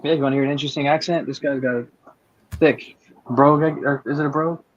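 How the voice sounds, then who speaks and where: A man's voice: a little high, steady tone, fast, slight background noise. A man chatting on a stream voice call, hesitant and unsure, with filler words. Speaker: guest on a stream voice chat. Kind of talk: casual chat. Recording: dull lo-fi voice chat with faint clicks.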